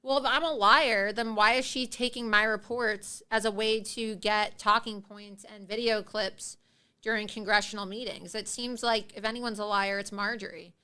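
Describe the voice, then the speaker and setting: A woman's voice: mid-range voice, fairly even intonation, normal speed, pushed and bright, smooth. A woman hosting a livestream of political commentary, speaking in a combative, sarcastic and scornful way. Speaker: host.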